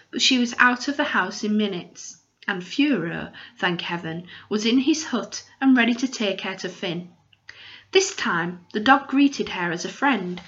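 Casting: female audiobook narrator, steady storytelling voice, mid pitch, slightly dull recording.

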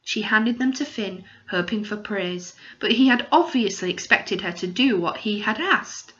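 A woman's voice: medium pitch, lively intonation, normal speed, hardly any pauses, pushed and bright, muffled recording. Woman narrating a children's novel. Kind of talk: audiobook narration.

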